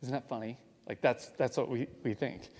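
A man preaching a sermon in a relaxed, conversational way, often asking the audience questions. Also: medium pitch, moderate pace. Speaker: pastor. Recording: reverberant hall.

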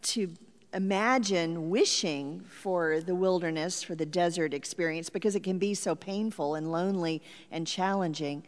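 A woman's voice: fairly low pitch, moderate pace. A woman pastor telling a personal story in a reflective sermon. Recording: long hall reverb.

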